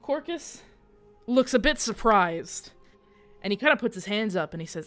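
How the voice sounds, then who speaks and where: A woman's voice: medium pitch, expressive, normal speed, fairly bright tone. A woman runs a tabletop game as game master, narrating the scene in a casual way. She curses freely and keeps the tone loose, with faint music under her voice.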